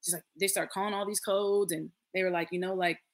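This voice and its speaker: Fast-talking woman in her late thirties. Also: lowish voice, steady tone. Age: late 30s. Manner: earnest storytelling, acts out quoted voices. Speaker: podcast guest. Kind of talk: casual conversation.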